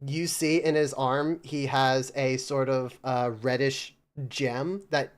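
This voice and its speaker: A man's voice: mid-range voice, steady tone, takes it slowly, clear, resonant tone. A man narrating a tabletop game as game master, in casual speech full of fillers.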